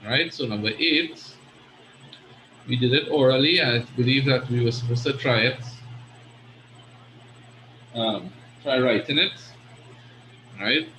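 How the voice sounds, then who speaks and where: A man's voice: medium pitch, unhurried, long pauses, bright, forceful tone, roomy sound, slight background noise, poor audio. Man teaching an Arabic class. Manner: patient, explanatory, frequent "right?" checks. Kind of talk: online class lesson.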